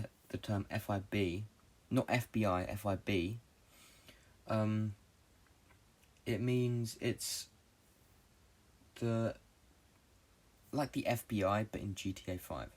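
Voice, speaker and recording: A young British man hosting a podcast rambles quickly through a long dream story, full of swearing and filler words. His voice is on the low side with a darkish tone.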